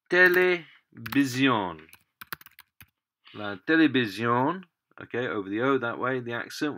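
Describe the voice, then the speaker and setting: A man's voice: medium pitch, sharp tone. A man teaching a language lesson, explaining patiently while typing at a computer. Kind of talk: screen-recorded language lesson.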